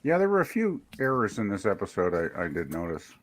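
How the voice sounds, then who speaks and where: A man's voice: lowish voice, wildly swooping pitch, brisk. A man hosting a casual review chat, easygoing with a wry humor.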